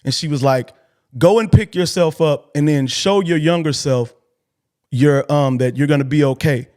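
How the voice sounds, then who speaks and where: A Texan man hosting a call-in show shares a personal story earnestly and colloquially, emotional and close to tears, repeating himself along the way. His voice is on the high side with a darkish tone, at normal speed.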